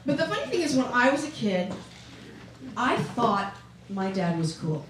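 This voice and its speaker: A woman's voice: a little high, big pitch swings, normal speed, slight background noise. A middle-aged woman performing a chatty, self-mocking stand-up set and asking the audience questions. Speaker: stand-up comedian. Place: comedy club stage with audience. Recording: echoey club, distant mic, loud audience. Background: audience laughing.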